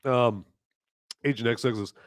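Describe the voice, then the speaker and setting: A hoarse man hosts a live show, rambling along and cracking jokes. His pitch sits at an ordinary middle height. The sound is dry and close, with no room around it. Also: a little slow, no echo. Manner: rambling and jokey. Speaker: podcast host. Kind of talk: live casual chat.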